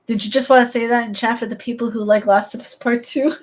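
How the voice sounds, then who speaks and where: A woman's voice: on the high side, steady tone, fast, rough recording. A woman gaming streamer chatting casually and playfully with her live viewers, jumping from topic to topic.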